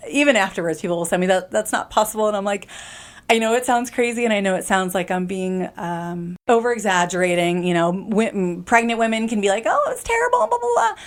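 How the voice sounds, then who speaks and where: A woman's voice: mid-range voice, brisk. A woman in her thirties, a podcast guest, telling a personal story in an earnest, emphatic way, often restarting mid-sentence.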